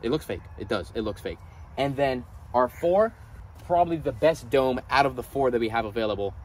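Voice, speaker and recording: A man hosting a casual vlog at his animal ranch, gushing with excitement and at times quietly sad. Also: mid-range voice, brisk. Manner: gushing, excitable, swings from loud delight to quiet sadness. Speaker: reptile breeder and channel host. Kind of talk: casual vlog talk to camera.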